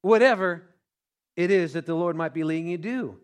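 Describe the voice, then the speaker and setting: A male pastor preaching a sermon, animated and joking, calling out to the congregation. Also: fairly high pitch, a little fast, clean tone.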